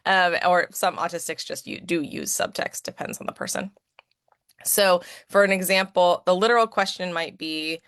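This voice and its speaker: Woman with a lowish voice presenting. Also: very animated, normal speed, a bit bright, smooth, no echo, clean studio sound. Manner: conversational, often asking "right?". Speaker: autism advocate and educator. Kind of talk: presentation talk with slides.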